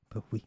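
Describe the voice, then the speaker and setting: A man's dark, mellow voice carries a casual rant that's blunt and profane, full of repetition and restarted lines. It's recorded close and dry, with no room sound and no echo.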